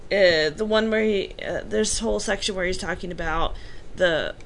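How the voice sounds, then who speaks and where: A woman's voice: fairly low pitch, normal speed, slight background noise. A woman guesting on a comedy podcast, chatty and teasing, laughing often. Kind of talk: casual comedic banter.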